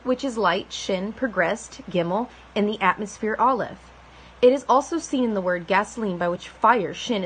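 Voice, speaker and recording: A woman reads a spiritual text aloud in a quiet, unhurried voice and dwells on the important words. Her pitch sits in the ordinary middle range for a woman. A faint hiss of noise runs underneath. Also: rough recording. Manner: soft, slow and deliberate, drawing out key words. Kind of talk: reading a religious book aloud.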